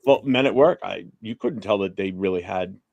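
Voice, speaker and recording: Guy from the states cohosting a stream, rambly, lots of you know, low voice, dry sound. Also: moderate pace, a little mellow, no echo, muffled recording. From United States. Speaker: co-host. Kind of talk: casual livestream chat.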